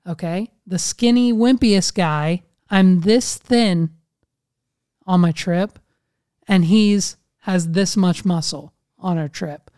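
Profane, animated storytelling man. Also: sits high, slow, clear, resonant tone. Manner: animated, swears constantly. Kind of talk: casual storytelling chat.

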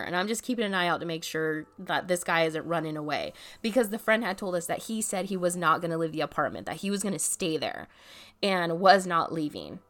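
Speaking from her home apartment, a woman with a lowish, fairly bright voice tells a story casually. She's chatty, says "like" constantly, and swears every so often.

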